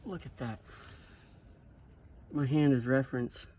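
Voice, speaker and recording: A man vlogging while he crawls through a cramped desert rock cave, straining and exclaiming in excitement. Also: medium pitch, unhurried, highs cut off, very noisy. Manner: excitable, keeps exclaiming in wonder. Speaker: hiking vlogger. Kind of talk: casual handheld narration while exploring. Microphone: handheld camera he films with.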